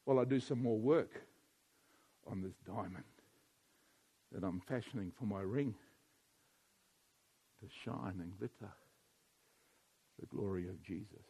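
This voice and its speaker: A man voicing God as a patient male craftsman, speaking low, soft and slow. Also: breathy edge. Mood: hushed.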